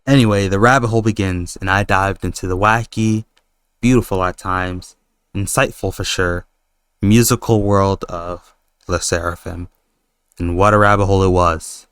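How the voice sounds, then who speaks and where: A man's voice: low voice, steady tone, moderate pace, a bit bright, smooth, no echo, clean studio sound, faint music behind. A young man rambling casually in a vlog, slangy and swearing, calling his viewers bro. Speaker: video essayist.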